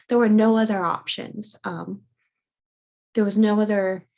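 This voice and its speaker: Young woman, interview guest, gravelly edge, halting personal storytelling with lots of ums. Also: mid-range voice, steady tone, a little mellow. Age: young adult. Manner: halting, many fillers and restarts. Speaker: interview guest sharing her birth story.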